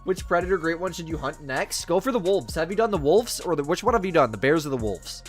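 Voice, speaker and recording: A man's voice: on the high side, animated, fast. Chill guy streamer reading chat, calls everyone bro, faint music behind. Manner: laid-back, chummy, calls viewers bro and man. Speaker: livestream host. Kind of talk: casual live-stream chat reading viewer messages.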